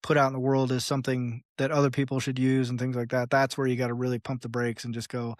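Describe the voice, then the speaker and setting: Seorang pria tamu podcast yang bicara santai dan bertele-tele, sering memerankan suara orang lain, tertawa, dan sesekali memaki. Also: male voice, medium pitch, quick pace, hardly any pauses, no room sound, clean studio sound. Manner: rambling, animated, acts out voices, swears, laughs. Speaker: podcast guest. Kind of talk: casual interview talk.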